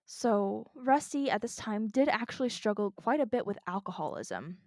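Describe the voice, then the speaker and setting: Earnest woman telling a dark story. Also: fairly high pitch, expressive, moderate pace, no room sound, clean studio sound. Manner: earnest storyteller with casual swearing. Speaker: podcast co-host telling a true crime story. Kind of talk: casual chat reading from notes.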